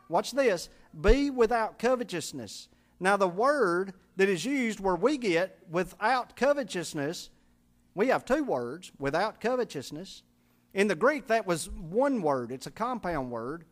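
High-pitched folksy preacher man. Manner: folksy preaching with call-and-response and humor; spells out Greek words letter by letter. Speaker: pastor. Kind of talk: sermon.

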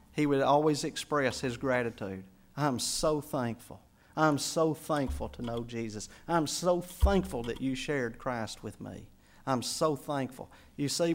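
A man, a pastor preaching a sermon, telling a story and building to emphatic peaks before dropping soft. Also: fairly high pitch.

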